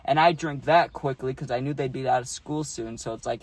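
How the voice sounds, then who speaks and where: A man's voice: mid-range voice, a little fast, hardly any pauses. A man casually telling a story for his vlog, laid-back and slangy, saying "dude" a lot, recorded outdoors on a phone. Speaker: YouTube storyteller. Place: outdoors on a hot day.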